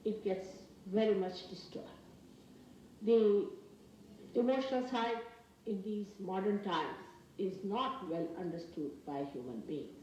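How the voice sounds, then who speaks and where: A woman from India with an Indian English accent giving a spiritual lecture, earnest and emphatic, speaking in slow, halting phrases. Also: medium pitch, warm tone. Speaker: spiritual teacher. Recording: very echoey archival talk from a distance with faint noise.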